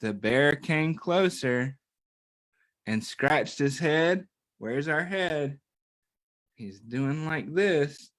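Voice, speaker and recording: A man's voice: a little high, very slow, long pauses. A man reading a picture book aloud to young children, playful, often stopping to ask them questions. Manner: playful and animated, talks to children, asks them to join in. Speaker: children's story reader.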